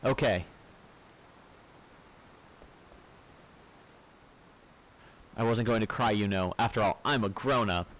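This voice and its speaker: A man's voice: on the low side, a little fast, fairly bright tone, close to an everyday voice, low-quality recording. A man voicing a spirited little summoner girl who insists she is grown-up, reading the game's dialogue aloud. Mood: determined.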